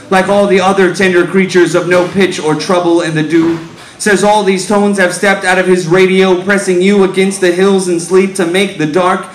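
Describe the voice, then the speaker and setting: A man giving a slow, incantatory spoken-word reading of his own poetry, lingering on pauses. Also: sits high, fairly bright tone, roomy sound, rough recording. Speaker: poet reading his work.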